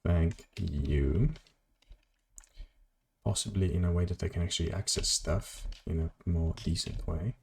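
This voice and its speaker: A man's voice: sits low, a little slow, creaky, a little mellow, a little hiss or hum. A man streaming a video game, rambling casually to his chat and swearing at mishaps. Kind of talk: casual gameplay commentary.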